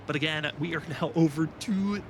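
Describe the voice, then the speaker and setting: A man hosting a live sim racing charity broadcast, quick and upbeat, reading names and updates. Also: a little high, a little hiss or hum. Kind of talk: live race commentary.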